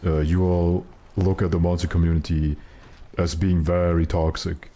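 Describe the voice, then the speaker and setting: A young man with a naturally very deep voice, chatting casually on a game stream, rambling and joking with lots of fillers. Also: level tone, moderate pace, warm tone.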